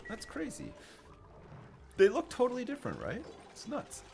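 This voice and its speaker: A man's voice: very high voice, wildly swooping pitch, normal speed, vocal fry, darkish tone, a little hiss or hum. A man streaming a video game live, chatting casually with his viewers and swearing freely. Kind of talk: live commentary over gameplay.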